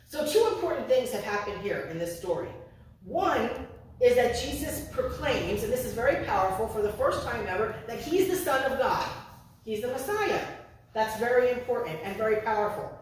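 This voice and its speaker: A woman's voice: fairly high pitch, a little mellow, slight background noise. A woman preaching a sermon in a conversational storytelling way, now and then acting out the voices of the people in her story. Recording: echoey room, heard from a distance.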